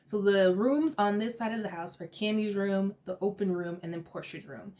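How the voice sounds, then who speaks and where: A woman's voice: medium pitch, normal speed, darkish tone. Chatty gossiping woman recapping TV. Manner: chatty, gossipy, laughs between remarks. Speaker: reality TV recap host. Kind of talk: casual episode recap.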